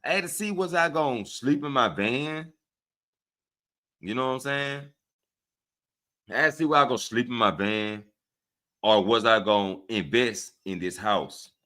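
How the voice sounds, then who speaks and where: A man with a Southern US accent hosts a casual livestream, talking to his chat in an animated, preachy style and often asking listeners "right?" to check in with them. His voice is medium in pitch, and he speaks unhurriedly with long pauses.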